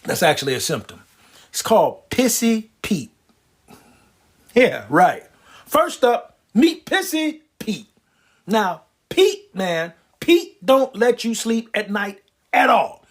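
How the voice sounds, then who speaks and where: A man delivering a wisecracking, animated stand-up comedy monologue. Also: sits high, slow pace. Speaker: comedian and prostate cancer survivor.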